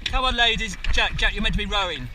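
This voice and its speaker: High-pitched man coxing a rowing boat. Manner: urgent, coaxing, calls rowers by name. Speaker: cox of a junior rowing crew. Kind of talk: shouted race commands. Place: outdoors, in a rowing boat on open water. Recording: loud wind and water noise. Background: loud rushing wind and water.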